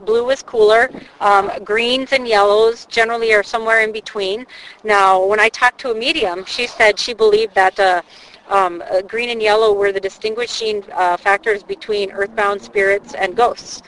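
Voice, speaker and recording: A woman explaining paranormal investigation in a chatty, animated way, talking outdoors by a channel. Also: mid-range voice, moderate pace, slight background noise, poor audio. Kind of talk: casual explanatory chat.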